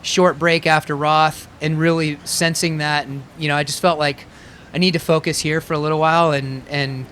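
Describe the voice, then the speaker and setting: A man's voice: on the high side, little pitch movement, normal speed, a bit bright, slight background noise. A man in his thirties, a professional athlete being interviewed, talking easygoing with lots of fillers. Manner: easygoing, frequent fillers and laughs. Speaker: pro triathlete guest. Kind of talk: casual interview.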